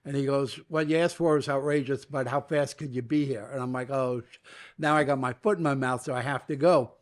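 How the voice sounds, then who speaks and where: An older New York media entrepreneur, a guest in an interview, talks a little fast in a medium-pitched voice. He is an animated storyteller, drawing out long anecdotes and acting out the quoted dialogue along the way.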